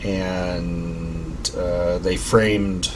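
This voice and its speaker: A man playing a tabletop game, speaking in a slow, matter-of-fact way. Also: low voice, little pitch movement, background noise. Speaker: player. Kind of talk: casual tabletop play.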